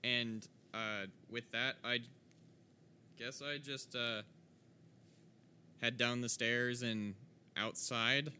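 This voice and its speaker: Casting: unhurried male player, bright tone, hesitant, faint background hum. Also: mid-range voice, steady tone. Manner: hesitant, halting. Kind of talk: casual tabletop gaming chat.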